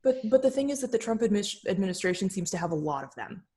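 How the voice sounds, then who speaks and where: A woman's voice: mid-range voice, big pitch swings, fast talker, mellow. A woman co-hosting a podcast, chatting casually about politics, with lots of fillers and hedges. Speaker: podcast co-host.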